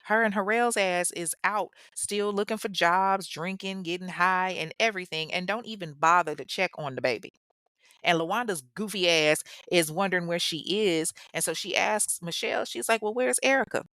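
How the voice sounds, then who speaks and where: A woman's voice: lowish voice, moderate pace, fairly bright tone, dry recording. A woman hosting a podcast, telling a true-crime story in a casual, blunt way, swearing and mocking the people in it. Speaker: podcast host.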